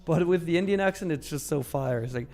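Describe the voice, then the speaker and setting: A man's voice: on the high side, fast, dark tone. A young man hosting a live trading stream, chatting casually and upbeat as he reads viewer comments, laughing often and using slang.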